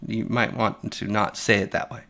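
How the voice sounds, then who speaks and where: Guy ranting on his channel, bright edgy voice, swears, restarts a lot. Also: on the low side, level tone, moderate pace, vocal fry, soft background music. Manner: blunt and profane, rambling with restarts. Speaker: commentary channel host. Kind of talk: opinionated casual commentary.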